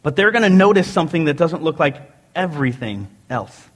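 A man delivers a sermon, his voice sitting a little high. He tells jokes and family stories in an animated, self-mocking way. His words ring out with a long reverb in a church sanctuary. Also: fairly quick. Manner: animated, joking storyteller. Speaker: preacher.

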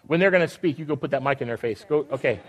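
A man's voice: mid-range voice, very fast, a faint crowd. A man leading a children's Christmas program on a church stage, upbeat and coaxing, teasing the kids as he goes. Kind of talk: lively emcee talk to children on a stage.

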